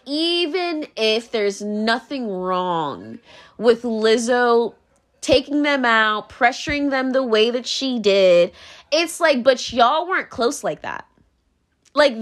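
Young woman, solo podcast host: exasperated rant, slightly high voice that swoops all over. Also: lively intonation, moderate pace. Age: 20s. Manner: rambling, profane, constant "like" fillers; exasperated, ranting.

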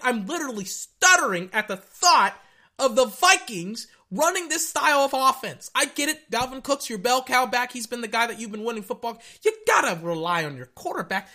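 A young man giving casual, rambling reaction commentary on a football game, excitable and tripping over his words. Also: very high-pitched, normal speed. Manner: excitable, rambling, stutters and repeats himself.

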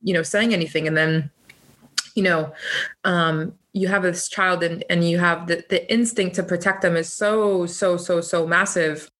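A woman in her thirties speaks in a slightly low voice during a casual conversation. She talks reflectively, often pausing and restarting as she works through her thoughts. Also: steady tone, a bit bright. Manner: hesitant, many restarts and fillers. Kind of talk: casual chat.

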